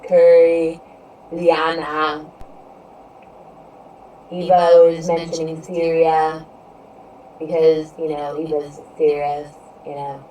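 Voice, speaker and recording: A woman chats loosely with her live-stream audience, drifting between topics and leaning on "you know" every few words. Her voice sits a little low, and she sounds set back from the microphone, with a faint hiss in the background. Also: a little mellow. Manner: rambling, leans heavily on "you know". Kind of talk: casual live-stream chat with viewers. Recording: distant mic with faint background noise.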